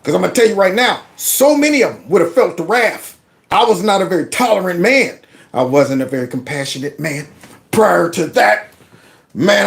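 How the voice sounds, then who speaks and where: A man in his fifties from Youngstown, Ohio, hosting a casual commentary and telling animated, preachy stories in which he acts out the voices. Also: sits high, vocal fry. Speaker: host.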